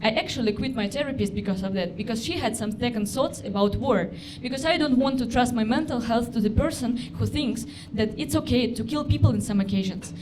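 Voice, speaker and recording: Woman, Russian accent, stand-up comic, deadpan, fairly high voice, live club noise behind. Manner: deadpan, halting non-native phrasing. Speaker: stand-up comedian. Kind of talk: stand-up routine. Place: comedy club stage.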